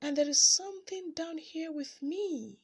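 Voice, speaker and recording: A woman's voice: very high-pitched, a little slow, darkish tone, voice pushed up. A woman doing a scared little girl. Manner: shaky, tearful pleading.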